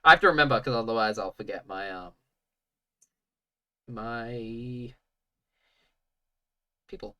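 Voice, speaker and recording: A man narrating as game master of a tabletop game, halting and full of fillers. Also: medium pitch, sharp tone, clear, resonant tone, far from the mic.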